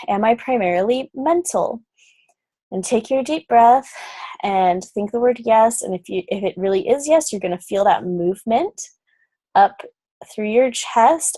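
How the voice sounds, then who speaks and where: A woman teaching an energy-healing class, earnest and reassuring, guiding listeners through slow breathing steps. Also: medium pitch, a little mellow, dry recording. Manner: earnest, reassuring, with frequent "um"s and guided breathing prompts. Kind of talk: recorded class lecture.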